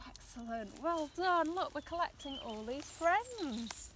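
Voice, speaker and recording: A woman presenting a play activity for small children, talking in a slow, exaggerated sing-song. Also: high voice, sing-song, a bit bright, slight background noise.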